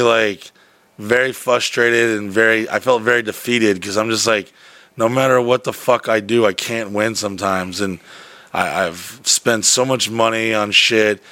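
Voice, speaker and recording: A man's voice: lowish voice, fairly even intonation, unhurried, sharp tone, no room sound. Profane rambling man telling a story. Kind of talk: casual storytelling chat.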